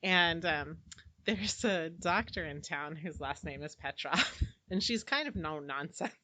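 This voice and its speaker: Bright-toned woman chatting about books. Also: deep voice, expressive, measured pace, no room sound, rough recording. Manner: chatty, laughs often, trailing asides. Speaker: book club co-host. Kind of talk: casual book discussion.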